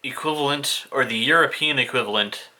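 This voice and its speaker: A man's voice: mid-range voice, a little fast, pushed and bright. A man from the United States casually talking through his CD collection on camera, rambling and joking at himself with the odd put-on voice. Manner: rambling, self-mocking, with playful put-on voices. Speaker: vlogger showing his CD collection. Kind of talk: casual video commentary.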